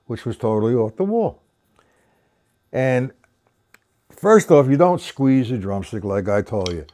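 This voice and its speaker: A man's voice: medium pitch, sing-song, unhurried, pauses often, mellow. An older man teaching drums on a live stream, opinionated and rambling, counting beats aloud as he explains. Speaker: drum teacher. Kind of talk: live-streamed drum lesson.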